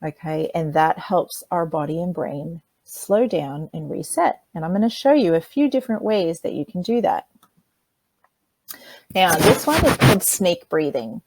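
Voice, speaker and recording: A woman's voice: on the low side, lively intonation, a little slow, darkish tone, no echo. Patient woman teaching kids to breathe. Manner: patient, plain, speaks directly to children; demonstrates by breathing sounds. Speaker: presenter teaching children. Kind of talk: children's workshop lesson.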